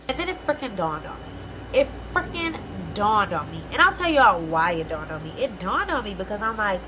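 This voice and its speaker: A young woman vlogging a casual storytime rant, animated and exasperated, swearing freely in slangy speech. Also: mid-range voice, brisk, noisy background.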